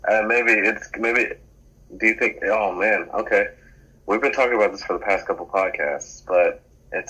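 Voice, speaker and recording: A man, co-hosting a podcast and telling rambling, animated stories in casual chat. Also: lowish voice, moderate pace, breathy edge, poor audio. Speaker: podcast co-host.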